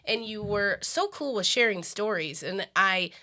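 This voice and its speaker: Bright-voiced woman hosting an interview. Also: medium pitch, expressive. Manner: chatty and quick to react. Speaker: interview host. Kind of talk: casual interview chat.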